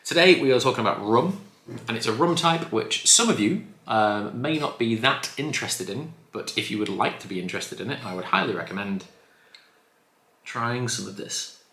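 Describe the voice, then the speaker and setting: A man's voice: mid-range voice, expressive, moderate pace, pushed and bright. A man chatting enthusiastically as he reviews a spirit, often correcting himself. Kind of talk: casual review vlog. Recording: echoey room.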